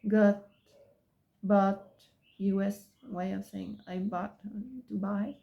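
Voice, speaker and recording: A woman's voice: medium pitch, little pitch movement, gravelly. A woman teaching English pronunciation in a phonics lesson, repeating example words and drawing out vowel sounds. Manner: slow and deliberate, drawing out vowel sounds with many pauses. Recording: dull, slightly lo-fi sound.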